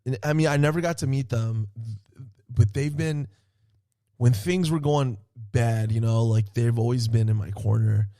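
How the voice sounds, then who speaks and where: A man excitedly telling a story in a casual podcast chat, swearing often and laughing as he talks. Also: medium pitch, unhurried, no echo, clean studio sound. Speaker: podcast co-host.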